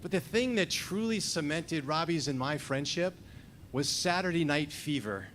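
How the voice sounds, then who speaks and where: Fifties guy doing a story slam, wry, kinda high voice, faint noise behind. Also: animated, moderate pace, a bit bright. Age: 50s. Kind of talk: live story slam performance.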